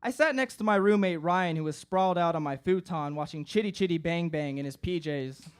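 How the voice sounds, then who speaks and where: A man's voice: on the high side, fairly quick, clean tone. A young man performing a comic personal story live on stage, acting out his friends' voices. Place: live stage before an audience.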